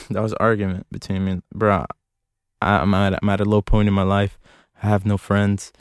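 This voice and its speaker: A man's voice: on the low side, level tone, moderate pace, smooth, dry recording, clean studio sound. Profane rambling young man podcasting. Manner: profane, self-mocking, jokey rambling. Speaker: podcast host. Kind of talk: rambling solo podcast chat. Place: closet. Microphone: close studio mic.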